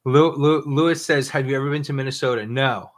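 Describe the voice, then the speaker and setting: A man's voice: medium pitch, a little fast. Rambling man reading viewer questions. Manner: rambling, laughs often, reads viewer comments aloud. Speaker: podcast co-host. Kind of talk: live Q and A chat.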